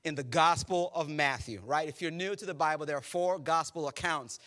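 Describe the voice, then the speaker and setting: A man preaching a sermon as pastor, animated and joking, acting out the voices in his stories. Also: a little high, moderate pace. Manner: animated, joking storyteller who acts out quotes. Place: church service.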